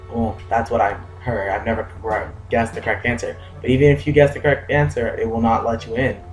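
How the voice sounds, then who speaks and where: A man's voice: medium pitch, roomy sound, poor audio. A young man giving casual gameplay commentary with offhand, dry asides. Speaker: let's play host.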